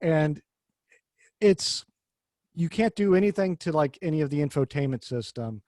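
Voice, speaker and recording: A man's voice: a little high, animated, normal speed, a little mellow, no room sound. A man hosting a podcast, talking cars in a rambling, jokey way and swearing casually. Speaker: podcast host. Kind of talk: casual car chat.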